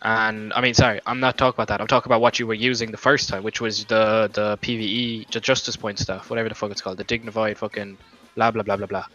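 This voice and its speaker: Young gamer dude in a heated voice chat argument, swears a lot, sharp bright voice, kinda lo-fi mic. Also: male voice, lowish voice, level tone, fast talker. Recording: lo-fi voice chat mic with faint music.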